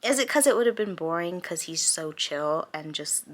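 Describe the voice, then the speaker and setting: A woman's voice: lowish voice, expressive, moderate pace. A woman in her twenties reviewing a book in casual, frank chat, exasperated and ranting, laughing often between points. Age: 20s.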